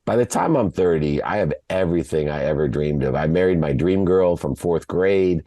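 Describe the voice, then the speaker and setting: A man from Ohio, a podcast guest, telling a personal story in an emotional, halting way, often repeating words. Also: sits low, warm tone, no echo. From Ohio, USA.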